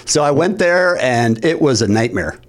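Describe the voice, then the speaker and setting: A man co-hosting a radio show, telling a story in an animated way with exasperated retorts. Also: mid-range voice, moderate pace. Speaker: radio co-host. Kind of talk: casual storytelling.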